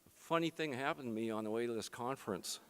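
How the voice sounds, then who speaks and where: A man's voice: mid-range voice, quick pace, a bit bright, smooth. An older man moderating a conference, telling a personal story and then making an impassioned appeal, his speech slightly slurred from facial palsy. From Canada. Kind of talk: conference talk. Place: large conference hall. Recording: long hall reverb.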